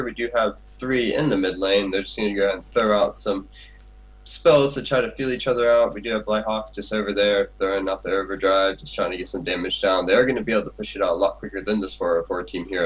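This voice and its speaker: A man calls a live esports match with steady play-by-play. His voice sits on the low side and carries a husky, slightly breathy edge. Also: rough recording. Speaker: esports caster. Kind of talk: live game commentary.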